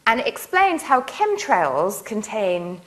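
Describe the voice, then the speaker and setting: Lively, playful woman lecturer. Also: fairly high pitch, slow. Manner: playful, enthusiastic storytelling with laughs. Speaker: nanotechnologist giving a public lecture. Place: lecture hall in a university building.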